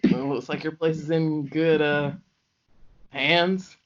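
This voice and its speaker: A man's voice: fairly high pitch, fairly even intonation, takes it slowly. A man voicing a friendly, well-mannered adventurer raised among orcs, easygoing and folksy, on dull lo-fi audio.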